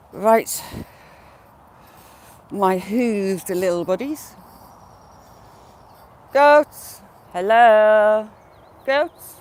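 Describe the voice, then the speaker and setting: A woman live-streaming outdoors on a phone, chatting casually with viewers by name and cooing at animals as she walks. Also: mid-range voice. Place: outdoors in fields and hedgerows. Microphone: phone on a gimbal with headphone wire.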